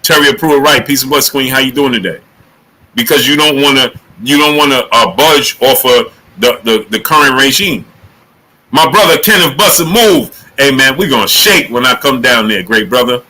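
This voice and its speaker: Bright, punchy man hosting a live stream. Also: mid-range voice, moderate pace, poor audio. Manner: energetic, emphatic, repeats questions. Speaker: boxing show host. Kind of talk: live-stream talk with chat shout-outs.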